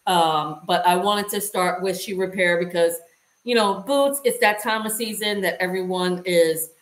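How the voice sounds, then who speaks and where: A woman's voice: fairly low pitch, a little slow. A woman vlogger casually demonstrating a hands-on task and chatting to her viewers as she works. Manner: chatty, talks to viewers while working. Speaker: lifestyle vlogger. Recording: roomy echo.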